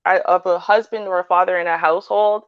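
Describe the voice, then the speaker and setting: A woman's voice: fairly low pitch, fast talker, clean tone, no room sound, highs cut off. Canadian woman chatting animatedly. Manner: animated storytelling with frequent "right?". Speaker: panelist. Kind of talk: casual panel chat.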